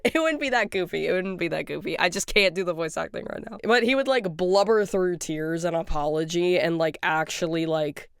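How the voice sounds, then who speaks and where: A fan rambling casually about a cartoon, excitable and giggly, often breaking into laughter. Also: mid-range voice, normal speed, gravelly, hardly any pauses, clear, resonant tone, no echo, studio quality. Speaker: fan commentator.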